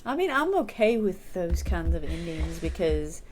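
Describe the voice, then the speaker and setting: A woman co-hosting a podcast, chatting casually and agreeing easily with quick replies. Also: on the low side, very animated, heavy background noise. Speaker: podcast co-host. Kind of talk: casual chat.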